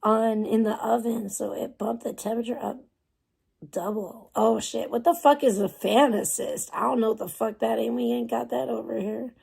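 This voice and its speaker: A young American woman with a slightly high, steady voice that is gravelly, darkish, and a bit breathy chats casually on a livestream at a moderate pace. She swears plenty and responds to chat sounding bemused and exasperated.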